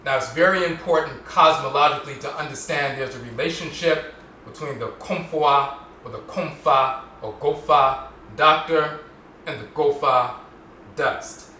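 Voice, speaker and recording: A man with a bright, forceful voice delivers a solo podcast lecture, explaining step by step and slowly repeating words to demonstrate their pronunciation. He sits some way from the mic, so his voice carries a roomy echo. A faint room ambience hums underneath. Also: a little high, recorded from a distance, slight background noise. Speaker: podcast host.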